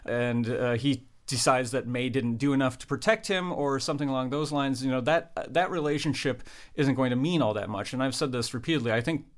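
A man's voice: mid-range voice, brisk. A man, a political analyst explaining points fluently in a panel discussion. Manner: fluent, explanatory, lightly jokey.

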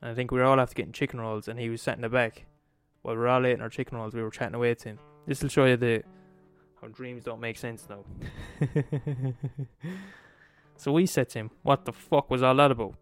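A man with an Irish accent telling a story in a casual, animated way, swearing freely and checking in with the listener. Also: medium pitch, brisk, clear, resonant tone, dry recording, faint music behind. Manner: animated, swears a lot, asks the listener "right?".

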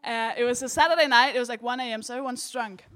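A woman's voice: on the high side, fast talker, a bit bright. A woman co-hosting a comedy podcast, telling a stand-up story in a blunt, self-mocking way.

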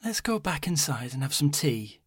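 A man voicing a caring young woman who speaks softly and soothingly to her grandmother. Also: on the high side, sing-song, moderate pace, slightly rough, dry recording, studio quality, voice pushed up. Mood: gentle concern. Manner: soft, soothing, reassuring.

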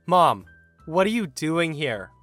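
A man voicing a big, angry adult son who speaks sternly and loudly in a narrated story. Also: sing-song, slow pace, soft background music, exaggerated voice. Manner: stern, rumbling, loud.

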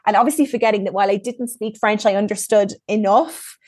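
A woman talks openly as a guest in a relaxed conversation. Her voice sits at an ordinary mid pitch. She pauses often with ums and likes as she reflects. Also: no echo. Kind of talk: casual personal storytelling in conversation.

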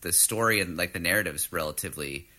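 A man's voice: deep voice, quick pace, sharp tone. A man casually chatting about video games, easygoing, with hesitant restarts.

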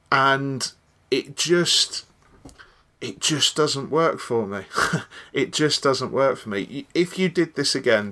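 Man co-hosting a podcast, mid-pitched voice, emphatic and opinionated. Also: fairly bright tone. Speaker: podcast co-host. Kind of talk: casual podcast chat.

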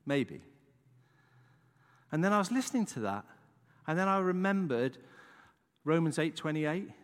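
A man gives a relaxed, conversational sermon, checking in with his listeners as he tells a story. His voice sits a bit high and swings widely in pitch. It rings with the long reverb of a large church hall. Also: moderate pace. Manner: conversational, chatty, lots of "right?" asides. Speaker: preacher.

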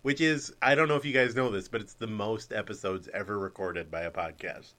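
A man's voice: fairly low pitch, a little fast, bright, forceful tone. A man co-hosting a casual podcast chat and making dry jokes. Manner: dry, joking. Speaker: podcast co-host.

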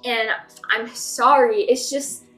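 A woman's voice: fairly high pitch, steady tone, slow, fairly bright tone, reverberant, faint music behind. A woman voicing an awkward, proud young man who stumbles through an earnest apology. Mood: remorseful.

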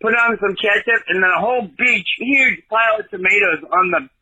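A man's voice: high voice, a little fast, sharp tone, breathy edge, rough recording. A man from Oregon leaving a rambling, teasing voicemail for a podcast. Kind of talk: joking voicemail.

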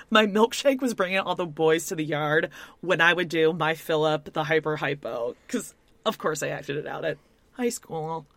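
A woman co-hosting a casual chat, reacting quickly and laughing often. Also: low voice, fairly bright tone, dry recording. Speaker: podcast co-host.

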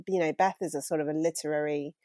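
Lowish-voiced woman chatting about books. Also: fairly even intonation, quick pace, warm tone, no room sound. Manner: thoughtful, self-deprecating, laughs easily. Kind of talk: casual book chat.

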